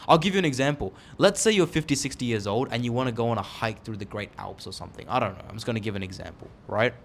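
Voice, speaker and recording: A man's voice: medium pitch, fast talker, gravelly. A man in his twenties, seated and talking straight to the camera in a casual, emphatic, candid way about making money young. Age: 20s. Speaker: online entrepreneur vlogger. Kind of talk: motivational talk to camera. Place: seated indoors, filming himself.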